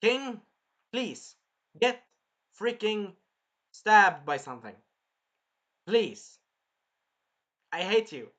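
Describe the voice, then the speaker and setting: Animated man chatting about an anime. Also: high-pitched, very slow, pauses often. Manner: animated, swearing, retells scenes in put-on voices. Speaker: anime reviewer. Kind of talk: casual chat.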